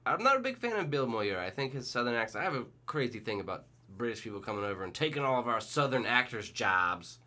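A man's voice: medium pitch, fast talker, hardly any pauses. A man co-hosting a podcast, joking and swearing in casual chat. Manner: profane, joking, animated. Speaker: podcast co-host.

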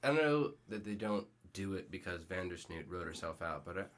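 A man's voice: low voice, expressive, fairly quick. A man co-hosting a podcast, chatting casually and cracking crude jokes. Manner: joking, crude. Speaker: podcast co-host. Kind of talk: casual chat.

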